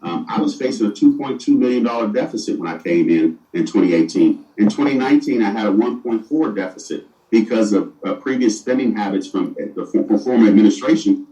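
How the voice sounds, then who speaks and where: A man's voice: fairly low pitch, animated, a little fast, mellow, muffled recording. A middle-aged man, a city mayor, answering interview questions earnestly and often stumbling over and repeating his words, recorded far from the mic in an echoey room.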